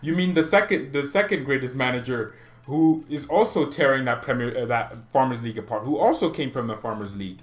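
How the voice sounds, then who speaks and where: A man's voice: medium pitch, brisk. A man hosting a football fan channel, ranting in an exasperated, sarcastic and mocking way. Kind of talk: ranting commentary to camera.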